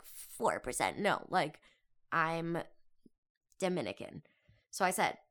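A young adult woman hosting her own show, talking through a story in a casual, animated way with quick exclamations and asides. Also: medium pitch, clean tone. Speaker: podcast host. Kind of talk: casual chatty monologue.

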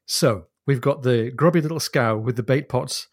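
A man co-hosting a book podcast, retelling a novel's scenes in a lively storytelling way. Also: mid-range voice, normal speed, dry recording, studio quality. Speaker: podcast co-host. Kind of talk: casual book discussion.

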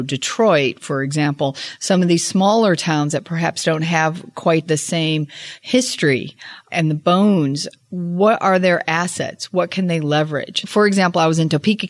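A woman being interviewed at a conference, speaking in a thoughtful, measured way and posing questions aloud. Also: lowish voice, no room sound. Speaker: incoming president of an urbanism nonprofit, interview guest. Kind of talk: conversational podcast interview. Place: conference venue.

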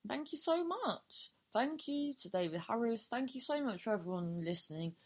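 A woman with an expressive voice on the high side talks at a moderate pace as she hosts her solo podcast. The comedian casually improvises a silly story with many restarts, free swearing, and self-mocking humour.

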